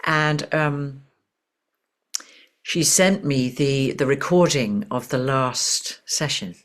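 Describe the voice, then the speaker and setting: A woman voice teacher and author, soft and unhurried, telling a story in conversation and now and then singing syllables. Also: extremely low pitch.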